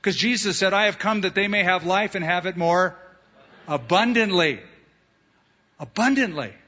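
Guy preaching, husky voice, dull sound, big hall echo. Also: sits high, normal speed. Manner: animated preacher, acts out quoted voices. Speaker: pastor. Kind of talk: sermon.

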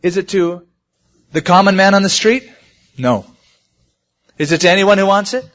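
A man's voice: high voice, normal speed, a bit bright. A man preaching a sermon, telling stories and rising emphatically on the key points. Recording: muffled lo-fi sermon recording.

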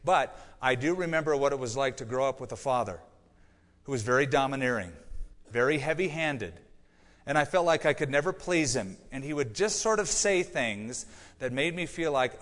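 A middle-aged male pastor delivers a sermon in an earnest storytelling manner, dropping to quiet, confiding lines before pressing points home with emphasis. His voice sits at an ordinary male pitch. The sound carries the long reverb of a church sanctuary. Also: lively intonation, moderate pace.

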